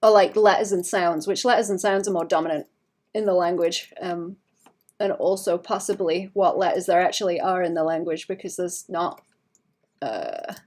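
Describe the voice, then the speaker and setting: A woman's voice: lowish voice, normal speed, darkish tone. Chatty woman musing aloud on stream. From Wales. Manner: chatty, musing aloud with many restarts and fillers. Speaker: artist streaming while drawing. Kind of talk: casual livestream chat.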